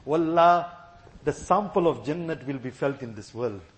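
A man's voice: a little high, animated, normal speed. A man preaching a sermon in a mosque gathering, then leading a fervent, pleading supplication with a sobbing, breaking voice. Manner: fervent pleading repetition of "Ya Allah".

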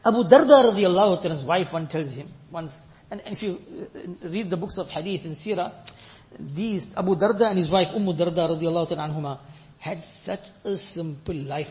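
High-voiced fervent male preacher. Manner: swings from loud fervent peaks to quiet storytelling; mixes Arabic quotations into English. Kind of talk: sermon.

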